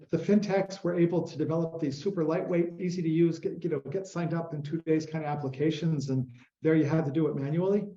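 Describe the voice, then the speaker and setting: A man's voice: a little high, warm tone. A man hosting an online conference conversation, chatty and loose with many fillers, over a video call. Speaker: host. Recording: roomy, dull sound.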